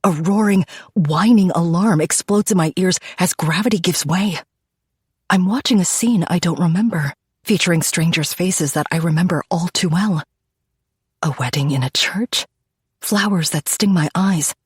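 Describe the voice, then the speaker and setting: A woman narrating a dark romance audiobook in the first person, with an intimate, dramatic reading. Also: fairly low pitch, normal speed, breathy edge, no room sound, studio quality.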